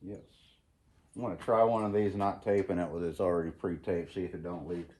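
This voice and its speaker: A man's voice: sits low, fairly quick. A man hosting a casual DIY vlog, talking to himself as he works with tools in a cold home garage. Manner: relaxed, talking to himself while working with tools. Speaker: channel host. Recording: roomy garage echo, faint noise.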